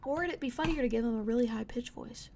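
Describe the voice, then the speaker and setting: A woman's voice: fairly high pitch, quick pace, darkish tone, a little hiss or hum. A young woman streamer giving casual, blunt gaming commentary, swearing freely and laughing at herself.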